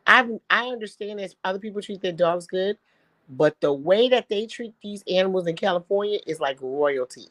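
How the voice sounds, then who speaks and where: A woman's voice: medium pitch, pushed and bright, no room sound. A young adult woman co-hosting a radio talk show in casual chat, who talks in an emphatic, incredulous way and keeps pressing her questions.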